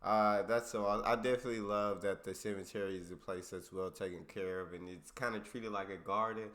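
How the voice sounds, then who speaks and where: A man's voice: lowish voice, steady tone, fairly quick, a bit bright. Slangy Texan man hosting reactions. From Texas. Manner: upbeat, slangy. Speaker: reaction video host. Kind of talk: casual chat.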